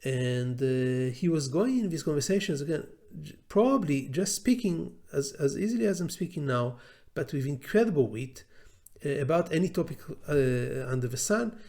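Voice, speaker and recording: A man's voice: a little high, lively intonation, moderate pace, a little mellow. Blunt Israeli-accented man lecturing. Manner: hesitant, many filler sounds. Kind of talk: unscripted lecture.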